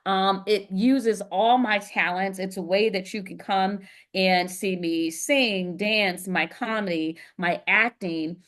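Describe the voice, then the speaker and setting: A middle-aged woman co-hosting a podcast, telling stories in a lively way with frequent filler words. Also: mid-range voice, takes it slowly, few pauses. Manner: animated storyteller, frequent "um" fillers. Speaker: podcast co-host and performer. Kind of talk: casual chat.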